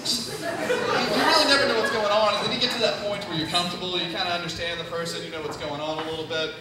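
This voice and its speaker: A man's voice: high-pitched, fast talker, very noisy. A young man from Tennessee doing a nervous first-time stand-up set, rambling with lots of "you know" fillers. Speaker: stand-up comedian. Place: comedy club stage. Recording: echoey room from far off, crowd audible. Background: audience laughing.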